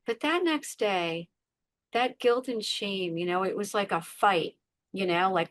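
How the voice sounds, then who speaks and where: A woman's voice: mid-range voice, measured pace, fairly bright tone. Earnest middle-aged woman telling her story. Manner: earnest, repeats words for emphasis, acts out her inner voices. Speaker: podcast guest. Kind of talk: personal story in conversation.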